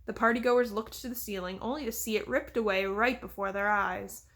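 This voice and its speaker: A woman reading a children's fantasy novel aloud in a steady, even storytelling manner. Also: mid-range voice, a little fast. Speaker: reader. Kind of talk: audiobook reading.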